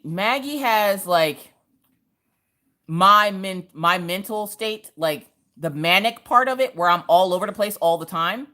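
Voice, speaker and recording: A woman hosting a casual crafting livestream, telling family stories in a lively, animated way. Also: mid-range voice. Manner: lively storytelling, acting out family voices. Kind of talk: casual chat while crafting.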